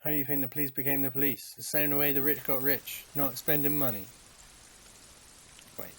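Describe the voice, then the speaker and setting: A man's voice: mid-range voice, fairly even intonation, a little fast, slight background noise. A man streaming a game, reading dialogue aloud and throwing in playful, silly asides. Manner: jokey, improvising silly asides. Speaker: let's play streamer. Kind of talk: playful let's play commentary, reading dialogue. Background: game music.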